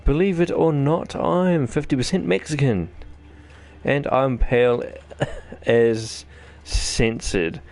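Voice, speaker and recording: Kiwi guy with a gravelly voice doing let's-play commentary, rambly and jokey. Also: mid-range voice, takes it slowly, darkish tone, faint music behind. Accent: New Zealand. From New Zealand. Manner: rambling, jokey, self-deprecating chatter. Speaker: gaming channel host.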